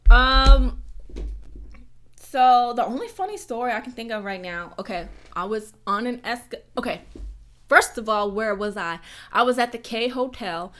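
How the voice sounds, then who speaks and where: A woman's voice: a little high, animated, moderate pace, a bit bright. Chatty young woman live streaming. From United States. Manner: chatty, rambling, reads donor messages. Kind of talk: casual live stream chat.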